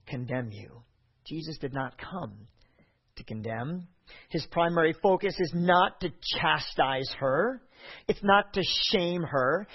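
A man preaching a sermon, reading scripture aloud and acting out the voices with an expressive delivery. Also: fairly high pitch, husky, lo-fi sound.

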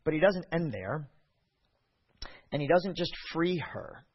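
Expressive male preacher, husky voice. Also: a little high, slow, dull audio. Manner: expressive delivery, acting out voices in scripture. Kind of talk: sermon.

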